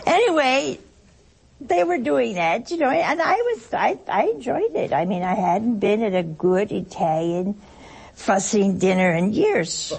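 Woman preacher with a slow, homely, storytelling delivery and a gravelly edge. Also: mid-range voice, big pitch swings, a little mellow, rough recording. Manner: chatty, anecdotal, chuckling asides. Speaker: religious speaker. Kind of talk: televised spiritual talk to listeners.

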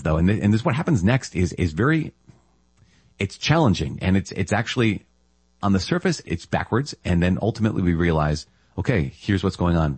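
A man's voice: low voice, a little mellow, husky, no room sound. A man preaching a conversational sermon on scripture readings, laughing lightly and checking in with the listeners. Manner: conversational, with laughs and tag questions. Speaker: priest.

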